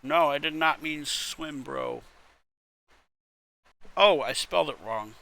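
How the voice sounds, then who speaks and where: A man's voice: fairly high pitch, wildly swooping pitch, slow pace, pushed and bright. A man reading internet posts aloud in casual commentary, wry and muttering, with casual swearing. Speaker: content creator reading posts.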